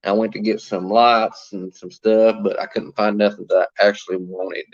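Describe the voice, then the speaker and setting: A man's voice: on the low side, little pitch movement, normal speed, dull audio. A man hosting a casual livestream from his phone, chatting and greeting viewers by name as he answers their comments. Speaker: livestream host.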